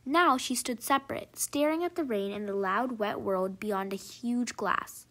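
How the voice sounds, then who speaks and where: A woman narrating a short story aloud in a measured, expressive reading. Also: on the high side.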